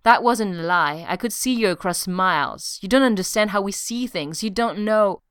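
A woman's voice: medium pitch, normal speed, fairly bright tone, smooth, no room sound, studio quality, close to an everyday voice. A woman voicing a scheming female trickster god who pleads for attention, in an audiobook reading. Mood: earnest.

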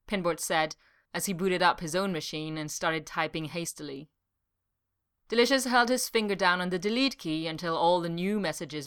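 A woman reads a story aloud in a fairly low voice with a bright, forceful tone. Her narration is expressive and animated. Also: clear, resonant tone, dry recording, studio quality. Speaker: story reader.

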